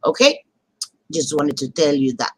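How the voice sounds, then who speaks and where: A woman's voice: low-pitched, steady tone, moderate pace, darkish tone, breathy edge, dry recording, low-quality recording. Woman streamer, laid-back and profane, runs a roll call of her chat. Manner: chatty, swears casually, greets viewers by name. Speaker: livestream host. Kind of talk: casual livestream chat.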